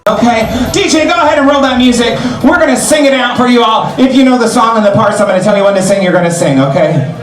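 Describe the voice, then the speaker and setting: A man emceeing a party on a cruise ship, shouting energetically to hype the crowd. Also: very high-pitched, fast talker, few pauses. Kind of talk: hyping a crowd. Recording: echoey venue, loud crowd and music.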